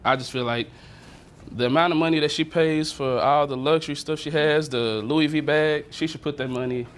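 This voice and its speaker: A man's voice: fairly high pitch, steady tone, moderate pace, close to an everyday voice. A man playing an indignant schoolteacher dad. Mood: aggrieved. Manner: sarcastic, indignant, bickering. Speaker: father seeking more child support. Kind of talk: improvised courtroom show acting.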